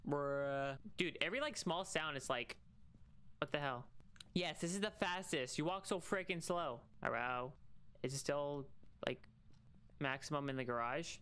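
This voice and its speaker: A young adult streamer talks casually over a ghost-hunting game, joking and trash-talking the whole way through. The voice sits at an ordinary middle pitch and jumps up in sharp yelps whenever something startles them. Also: unhurried, clear, resonant tone. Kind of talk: casual gaming stream commentary.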